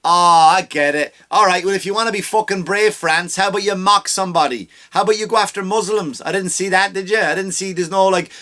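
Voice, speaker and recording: A man's voice: high voice, fast talker, few pauses, bright, forceful tone. An Irish man hosting a comedy podcast, delivering a heated, profane rant. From Ireland.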